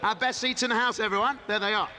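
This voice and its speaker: A man's voice: high voice, steady tone, quick pace, bright, forceful tone, slight background noise. Jovial man hosting a panel. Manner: jovial, bantering with audience. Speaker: panel host. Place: convention hall stage.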